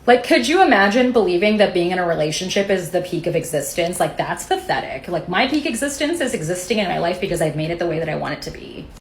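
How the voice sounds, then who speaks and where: A woman's voice: lowish voice, very animated, quick pace, hardly any pauses, a little hiss or hum. A woman talking to camera in an assertive, dismissive way. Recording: roomy echo.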